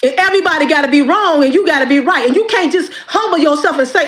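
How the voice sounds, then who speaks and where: High-pitched woman, impassioned and preachy. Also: expressive, fast talker, few pauses, fairly bright tone. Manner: preachy and emphatic, repeats phrases. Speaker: YouTube creator. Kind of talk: impassioned direct-to-camera monologue.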